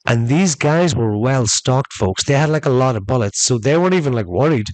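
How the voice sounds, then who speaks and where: A man's voice: medium pitch, expressive, brisk, hardly any pauses, no room sound, rough recording. A man hosting a podcast, telling a long story in a rambling, chatty way and calling his listeners folks. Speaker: podcast host. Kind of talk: casual storytelling monologue.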